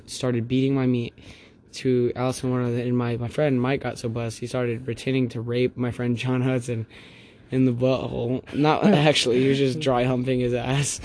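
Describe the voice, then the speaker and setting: A young man, a bit buzzed, rambling through crude stories in loose podcast banter. His voice sits in a middle range, and a clear layer of background noise runs under the home recording. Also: mid-range voice, a little mellow. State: tipsy. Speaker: podcast co-host. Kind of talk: casual drunken chat.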